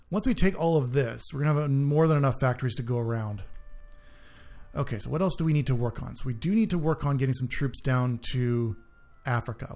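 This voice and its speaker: A man's voice: mid-range voice, darkish tone. A man hosting a gaming channel, giving casual let's-play commentary on a strategy game, thinking aloud and often trailing off mid-sentence.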